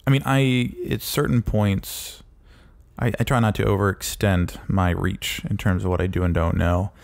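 A man co-hosting a podcast in casual chat, talking haltingly with many pauses and restarts. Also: fairly low pitch, fairly even intonation, gravelly. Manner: hesitant, lots of ums and restarts. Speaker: podcast co-host.

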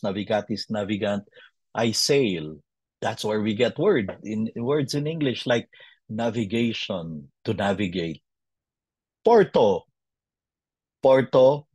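A man from the Philippines teaches a webinar lesson, working through verb conjugations one form at a time. He speaks unhurriedly, with a slightly husky voice. The sound is dry and close, as if he is on a video call. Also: on the low side, darkish tone, no echo. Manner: slow, patient drilling of conjugations.

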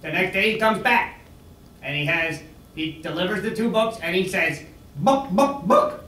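A man's voice: high-pitched, normal speed, pushed and bright. Man rambling through a corny joke. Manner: eager, rambling joke delivery. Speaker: joke teller. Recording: echoey room, distant mic.

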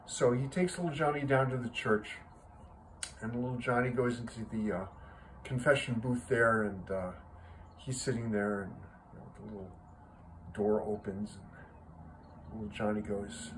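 A man's voice: on the low side, steady tone, moderate pace, pauses often, a little hiss or hum, rough recording. A man in his sixties at home, casually telling a joke to his viewers with a self-amused chuckle. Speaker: joke teller.

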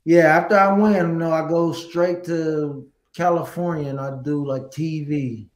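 A middle-aged man, a guest singer, telling stories in a casual interview, animated and laughing. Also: fairly high pitch, unhurried, echoey room, rough recording.

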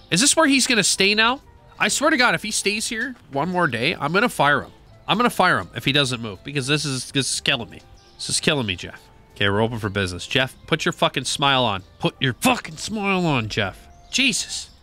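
A man talks through a shop game in a loose, offhand way, muttering numbers and swearing casually. His voice is bright and lively, rising and falling a lot. Faint music plays behind him. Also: medium pitch. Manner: chatty, mutters prices aloud, swears casually. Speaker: gaming channel host.

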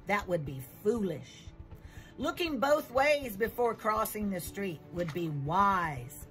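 A woman giving a children's Bible lesson as a church teacher, telling the story with slow emphasis. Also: on the high side, a bit bright, rough recording.

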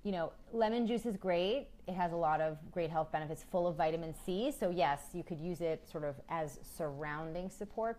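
A woman's voice: low-pitched, darkish tone, a little hiss or hum. A woman in her thirties hosting a live question-and-answer stream, chatty and frank, reading viewer questions aloud with frequent ums. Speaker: women's health host.

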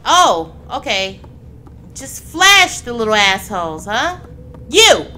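Woman doing horror game commentary, high voice that jumps all over, talks slow, some noise behind. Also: big pitch swings, pushed and bright. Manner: reactive, swears and shrieks when startled. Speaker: gamer playing a horror game. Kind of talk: let's play commentary. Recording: background noise under the voice.

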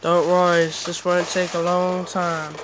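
A young male gamer talks through his match at home, drawling slowly, then bursting into loud yelps whenever something happens. A steady hiss of background noise sits under his voice. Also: high-pitched. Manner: excitable, sudden yelps and exclamations, chatty asides. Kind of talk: live gameplay commentary.

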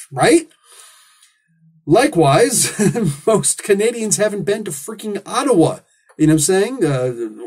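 A man's voice: high-pitched, a little mellow, breathy edge. A man hosting a comic book review, talking in a casual, opinionated monologue full of rhetorical questions and asides.

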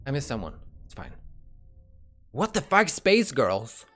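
An excitable young man, a little out of breath, chats and exclaims his way through a music reaction, swearing freely. His voice sits at a middling pitch for a man, with faint music playing behind him. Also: a little slow. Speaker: K-pop reaction YouTuber. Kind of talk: casual reaction commentary.

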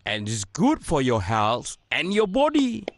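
An actor voicing a kindly old village grandfather in a cartoon, drawn-out and cheerfully encouraging, with music playing behind. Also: on the high side, huge pitch swings, full character voice. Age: older. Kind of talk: animated cartoon dubbing.

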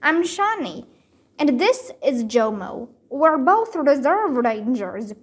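A woman voicing a calm, caring female game ranger in a storybook, explaining things patiently. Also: high voice, slow, breathy edge, exaggerated voice. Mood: friendly.

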